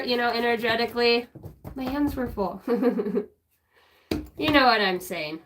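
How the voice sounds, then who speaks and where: A woman's voice: on the high side, moderate pace, background noise. A woman on a casual spiritual livestream, rambling, giggling often and humming bits of songs as she goes.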